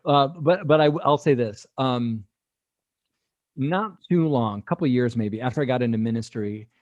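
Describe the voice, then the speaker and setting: A man's voice: medium pitch, normal speed, a little mellow, dry recording, lo-fi sound. Reflective pastor man, dry close sound. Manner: reflective, hesitant, many ums and restarts. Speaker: executive pastor, podcast guest. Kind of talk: casual conversation.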